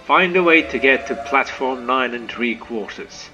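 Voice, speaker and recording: A man giving chatty, excitable gameplay commentary as a let's play host, humming little tunes to himself as he goes. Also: medium pitch, measured pace, lo-fi sound, over music.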